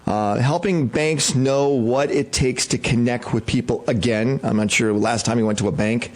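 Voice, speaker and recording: A male talk radio host speaking in a loose, chatty way. He drifts from point to point and thinks out loud, with plenty of ums and uhs along the way. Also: medium pitch. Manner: rambling, chatty, thinking aloud with fillers. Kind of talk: casual talk radio hosting.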